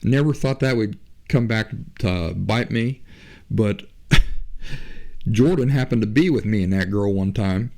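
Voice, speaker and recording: A man's voice: lowish voice, unhurried, vocal fry, pauses often, darkish tone. A man hosting a podcast, telling a story in a loose, chatty, conversational way. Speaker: podcast host. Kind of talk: casual spoken storytelling.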